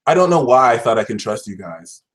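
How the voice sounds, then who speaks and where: A man's voice: sing-song, brisk. Dramatic, slangy tarot reader man. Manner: dramatic, exasperated, swings to shouting and high-pitched outbursts; slang-heavy, fillers like "like", "y'all". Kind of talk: casual tarot reading vlog.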